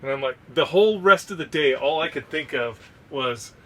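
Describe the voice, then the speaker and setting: A man co-hosting a podcast, telling a story in a loose, profane, animated way. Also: a little high, moderate pace, far from the mic. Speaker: podcast co-host. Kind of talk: casual storytelling.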